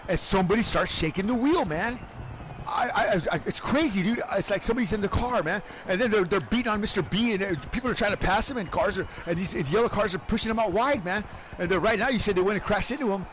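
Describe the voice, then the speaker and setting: A man commentating a sim-racing league live and interviewing drivers afterward, excitable and whooping, calling everyone "man" and "baby". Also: high voice, fast, faint music behind. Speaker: race commentator and league host.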